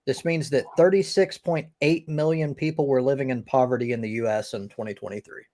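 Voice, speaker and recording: A man's voice: medium pitch, steady tone, brisk, warm tone. A man hosting a live-stream debate, arguing emphatically and swearing often. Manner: emphatic and profane, with frequent restarts. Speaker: host.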